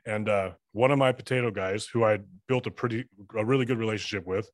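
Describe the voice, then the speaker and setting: A man's voice: lowish voice, quick pace, no room sound. A man chatting as a podcast guest, telling rambling, profane stories and acting out dialogue. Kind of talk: casual storytelling chat.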